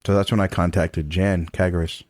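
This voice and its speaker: A middle-aged trombone professor, guesting on a podcast, tells a personal story in a frank, casual way, swearing freely and laughing between points. His voice is deep and darkish, his delivery flat and brisk. The studio recording is clean, with no room sound.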